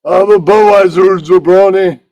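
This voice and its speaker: A blustering wrestler puppet bellows broken-English insults from the crowd, a man putting on the voice. His pitch sits well above an ordinary man's, and he hammers every line at full volume. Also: steady tone, measured pace, darkish tone, dry recording, low-quality recording. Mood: brash heckling. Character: brash loud wrestler heckling a comic, puppet.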